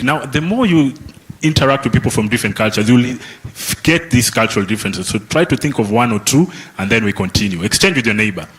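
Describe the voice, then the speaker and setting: A man's voice: medium pitch, fairly bright tone, husky. A man facilitating a youth summit session, teasing the audience and tagging questions with "eh?" and "okay?". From Kenya. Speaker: workshop facilitator. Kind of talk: lively audience interaction at a summit. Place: conference hall.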